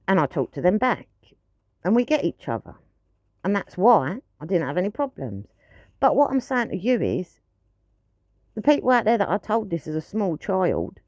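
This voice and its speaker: A woman's voice: medium pitch, darkish tone, no room sound, dull audio. Blunt, swearing woman ranting. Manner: frustrated, blunt, swears freely. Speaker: pet owner vlogger. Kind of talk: ranting monologue to camera.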